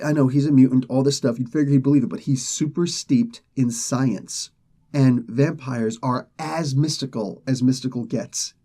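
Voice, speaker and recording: A man recaps a comic book plot in a relaxed, rambling way. His voice is mellow and dark, and it sits in a middle pitch. He keeps breaking off to act out what the characters say. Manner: loose, rambling retelling with acted quotes.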